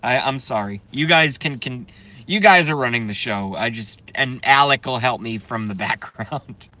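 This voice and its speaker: A man's voice: mid-range voice, moderate pace, pushed and bright. A man doing a comedic, profane live stream rant, keeps breaking into laughing fits. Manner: profane, sarcastic.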